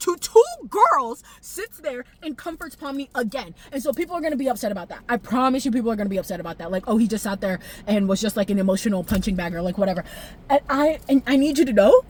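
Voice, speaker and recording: Young woman, highish voice, swearing, laughing, emotional vlog rant. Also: quick pace, a little hiss or hum. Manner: expressive, profane, laughs often, jumps pitch when excited. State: tearful at times. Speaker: vlogger. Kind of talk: casual animated recap.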